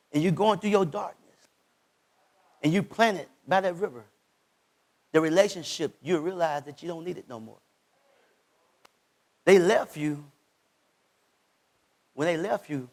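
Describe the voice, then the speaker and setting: A man with a high, ringing voice, his delivery full of passion. He shouts some lines and drops others almost to a whisper, and he speaks God's words in the first person as he drives the message home. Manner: impassioned preaching, voicing God's words, swings from shouts to hushed lines. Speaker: pastor. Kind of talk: sermon.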